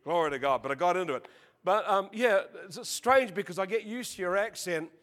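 An Australian man preaching a sermon, joking with the congregation and crying out praises, reading scripture slowly and with emphasis. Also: high voice, a bit bright. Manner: jokey, peppered with exclamations of praise. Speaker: visiting preacher.

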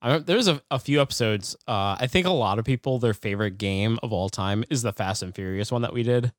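A man co-hosting a podcast in casual chat, laid-back and quick to laugh. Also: on the low side, no room sound, clean studio sound. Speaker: podcast co-host.

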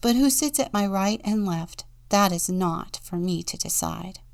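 A woman voicing Jesus in a children's Bible story as a calm, patient teacher speaking gently. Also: mid-range voice, unhurried, creaky.

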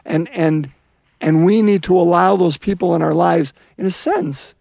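Guy hosting a faith podcast, kinda rambly and earnest, raspy voice, dry close sound. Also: high voice, moderate pace, a little mellow, dry recording. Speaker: podcast host leading prayer. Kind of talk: reflective religious chat and rosary prayer.

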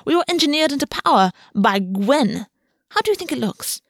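A woman voicing a cold, sharp-tongued fae queen in an audiobook reading. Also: sits high, animated, moderate pace, dry recording, studio quality, pitched above the performer's own voice. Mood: scornful. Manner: cold, cutting.

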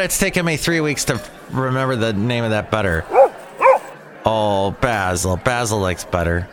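A man's voice: medium pitch, lively intonation, unhurried, a faint crowd. A man hosting his own daily podcast, rambling goofily between topics and silly bits. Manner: goofy, digressive, sings and shouts bits. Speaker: podcast host.

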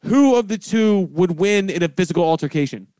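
A man's voice: sits high, animated, a little fast, dark tone, clear, resonant tone, dry recording. An American man hosting a casual podcast, laughing and joking crudely as he asks questions. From United States. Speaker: podcast host. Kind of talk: casual chat.

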